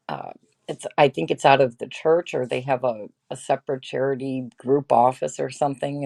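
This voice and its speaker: Slow, gravelly-voiced woman streamer. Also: extremely low pitch, dark tone. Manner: chatty, laughs often, greets viewers by name. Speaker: livestream host. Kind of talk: casual livestream chat reading comments.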